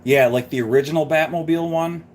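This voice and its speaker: A man's voice: a little high, fast talker, darkish tone, a little hiss or hum. A man hosting a live stream, chatting casually and rambling through a story. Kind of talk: casual chat.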